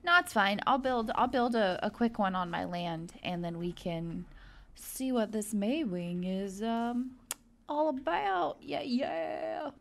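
Slow-talking young woman streamer, chatty. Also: medium pitch, animated, a bit bright. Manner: chatty, coos and gushes over the creature. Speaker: gaming video host. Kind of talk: casual let's-play commentary.

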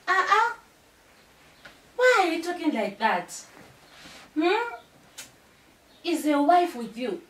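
A woman's voice: sits high, full character voice. A Zimbabwean woman playing a whiny, demanding pregnant young mistress in a comedy skit, giggling between her complaints. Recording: roomy, distant from mic.

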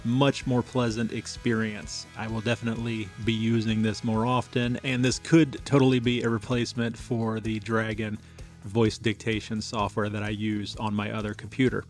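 A man hosting a tech channel, chatting casually through a software demo with some fillers and dictated test sentences. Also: fairly low pitch, level tone, normal speed, faint music behind.

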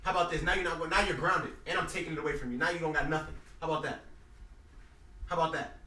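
A man's voice: on the high side, steady tone, fast talker, sharp tone. A young man, the host, talking back at his brother in exasperated, slangy casual banter. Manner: exasperated, slangy, keeps saying bro. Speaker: channel host. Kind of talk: casual prank video banter. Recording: echoey room, distant mic, faint noise.

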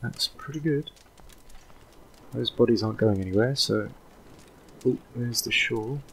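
A man giving casual, thinking-aloud commentary while playing a video game, drifting into relaxed, rambling asides. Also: medium pitch, a little slow, creaky, slight background noise. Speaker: let's play host.

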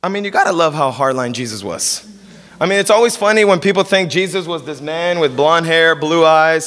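A man preaching a sermon in an animated way, acting out the voices of the people he quotes. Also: on the high side, a little fast. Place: church hall. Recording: church hall reverb.

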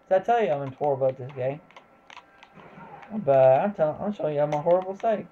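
A gameplay commentator talking casually over a match, excitable, exclaiming and swearing at the game. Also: mid-range voice, narrow, tinny audio.

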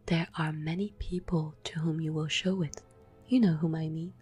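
Give me a woman playing a pointed, probing man, whispered role-play, breathy. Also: low voice, steady tone, normal speed, darkish tone, faint music behind. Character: man, the narrator's probing friend.

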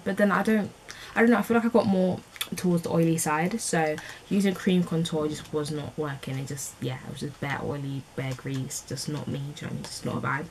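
A woman's voice: fairly low pitch, slight background noise, poor audio. A woman in her twenties with a London accent, rambling chattily through a beauty vlog with slangy asides. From England. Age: 20s. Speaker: beauty vlogger. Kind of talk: casual chat.

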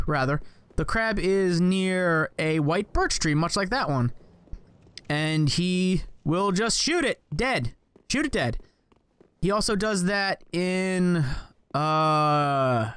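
Excitable high-voiced man yelling at a game. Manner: excitable, swears and yells at enemies. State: voice cracking. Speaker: gaming channel host. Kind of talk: let's play commentary.

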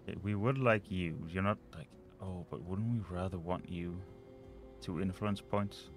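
A man's voice: low-pitched, normal speed, soft background music. A man casually commenting while he plays a management game, often muttering and trailing off as he thinks aloud. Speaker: let's play host.

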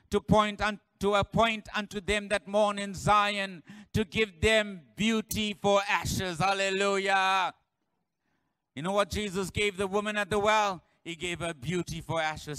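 A pastor delivers a sermon with a high, bright voice. He swings into shouted, repeated refrains and call-and-response with the congregation. The sound is dry and close. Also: steady tone, measured pace, clear, resonant tone, no echo, poor audio. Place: church.

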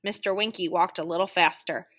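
A woman reading a children's story aloud, animated and playing out the noises. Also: lowish voice, brisk. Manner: animated, sound-effect voices for noises. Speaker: children's book reader.

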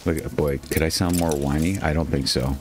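A man's voice: extremely low pitch, fairly even intonation, brisk, a little hiss or hum. A man hosting his own gaming channel, giving casual, chatty commentary over his play, talking to his character and poking fun at himself. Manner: chatty, self-mocking, talks to his character. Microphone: headset.

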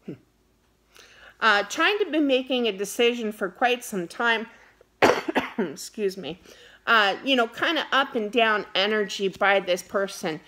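A middle-aged woman giving a casual tarot reading to camera, animated and quick to get wound up and scold playfully. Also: medium pitch. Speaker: tarot card reader.

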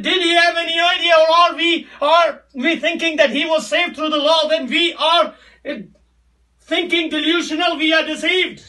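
Very high-voiced impassioned male preacher. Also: distant mic. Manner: impassioned, often shouting, repeats phrases. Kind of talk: sermon.

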